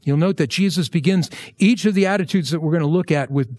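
Male pastor, higher-pitched, dry close sound, relaxed preaching with humorous asides. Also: brisk, hardly any pauses, dry recording. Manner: conversational, jokey asides, lively emphasis. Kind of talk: verse-by-verse sermon.

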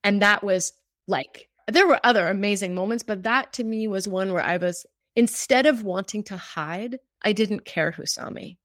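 A woman's voice: mid-range voice, normal speed, a bit bright, no echo, clean studio sound. A woman guest telling a personal story in conversation. She speaks in a heartfelt, rambling way, full of fillers. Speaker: cancer survivor guest.

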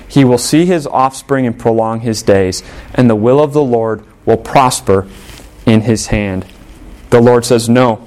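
A man's voice: medium pitch, a little mellow. Man preaching an earnest sermon. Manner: earnest, repetitive emphatic preaching. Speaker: pastor.

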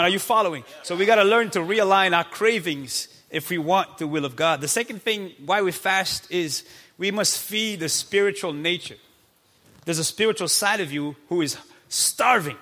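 A man in his thirties preaching a lively, playful sermon in a church, acting out quick voices as he goes. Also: high-pitched. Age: 30s. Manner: energetic, playful, acts out God's voice. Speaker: pastor. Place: church sanctuary. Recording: long hall reverb.

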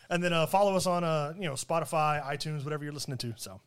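A man's voice: a little high, quick pace, smooth. A man co-hosting a gaming podcast in casual chat, rambling with restarts and laughing often. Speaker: podcast co-host.

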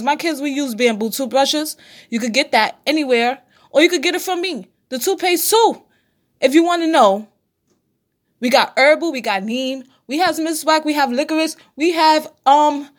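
Solo podcast host, woman, blunt and preachy, swears freely, slightly raised pitch. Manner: blunt, preachy, profane, talks straight to listeners. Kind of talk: casual solo podcast monologue.

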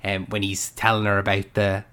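A man's voice: fairly low pitch, a little fast, smooth. A young man co-hosting a film podcast, talking casually and eagerly, often acting out scenes. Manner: animated, acts out scenes from the film. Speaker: podcast co-host.

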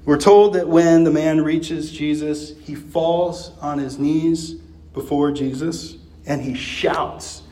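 Guy pastor preaching easygoing, chuckles a lot, jumps up in pitch for quotes. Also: steady tone, slow pace, dark tone. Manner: conversational, with chuckles and fillers. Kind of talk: sermon.

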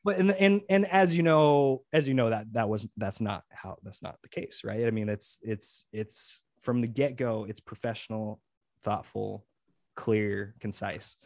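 A man's voice: fairly low pitch, fairly even intonation, measured pace, a little mellow, no room sound, studio quality. A man chatting as a new podcast co-host, earnest and rambling, with many restarts. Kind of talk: casual podcast chat.

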